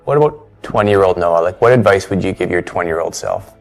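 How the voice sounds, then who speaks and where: A man interviewing a guest, asking measured questions. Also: deep voice, vocal fry, faint music behind.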